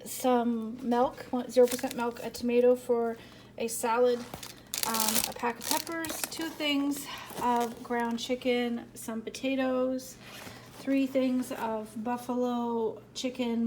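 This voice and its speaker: A woman's voice: a little high, a little mellow, echoey room, a little hiss or hum. A woman vlogging about her day in a casual, rambling way, often laughing. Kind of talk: casual vlog narration. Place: home kitchen.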